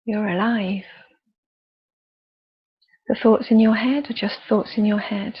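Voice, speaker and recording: A woman leading a guided body scan meditation with slow, soft, calm instructions and pauses. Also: mid-range voice, breathy edge, lo-fi sound. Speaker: youth worker leading a relaxation exercise.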